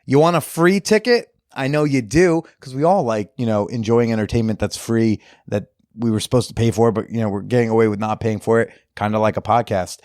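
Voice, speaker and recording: A man hosting a podcast, doing casual ad reads and fan shout-outs in a jokey, off-the-cuff way with crude humor. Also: lowish voice, a little fast, few pauses, no room sound, clean studio sound. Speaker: podcast host.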